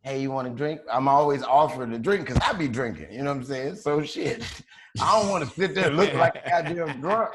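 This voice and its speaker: A man's voice: fairly high pitch, fairly quick, crowd noise. A man from Chicago telling a wild story on a podcast in a loose, profane, slangy way, laughing as he goes. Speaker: podcast co-host. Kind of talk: casual storytelling.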